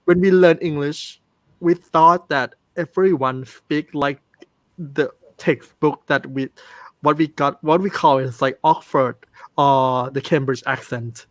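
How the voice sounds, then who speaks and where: A man from Thailand speaking English with a Thai accent, chatting casually with many pauses and restarts. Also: fairly high pitch, fairly even intonation, no room sound. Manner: hesitant, many ums and restarts. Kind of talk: casual chat.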